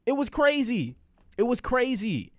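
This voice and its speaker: Animated high-voiced man telling a story. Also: unhurried, dry recording, clean studio sound. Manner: animated, profane, acts out quoted voices. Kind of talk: casual livestream storytime.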